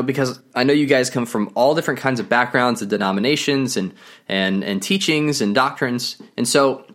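A man's voice: mid-range voice, a bit bright. A man hosting a podcast as a Bible teacher, talking in an upbeat, chatty way and laughing easily. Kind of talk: casual podcast talk.

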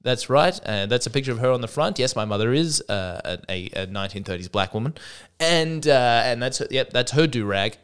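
A man's voice: medium pitch, lively intonation, brisk, fairly bright tone, smooth. A man with an Australian accent, hosting a solo comedy podcast, rambling and self-deprecating with sarcastic asides.

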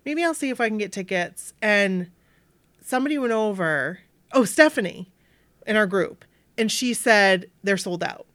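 A woman's voice: mid-range voice, normal speed, no room sound, clean studio sound. A woman from Maine telling a story in casual chat. She acts out what people said and fills her talk with "like". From Maine, USA. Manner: animated, acts out quoted voices, many "like" fillers.

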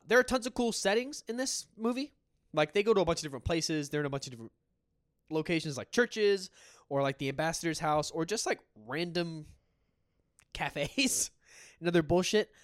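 Man, podcast co-host, enthusiastic, swears, lively intonation, dry sound. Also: fairly high pitch, moderate pace, dry recording. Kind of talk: casual chat.

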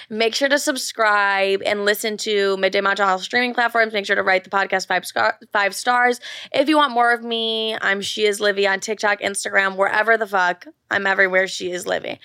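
Candid storytelling from a young solo podcast host in her twenties, who leans heavily on "like" and swears frequently in casual chat. Her voice is mid-range and sharp-toned. The studio sound is clean, with no room sound.

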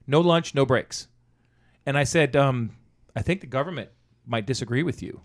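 A man's voice: mid-range voice, moderate pace. A man telling a profanity-laced story about an old job in casual conversation, acting out the dialogue. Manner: profane, animated anecdote-telling with quoted dialogue.

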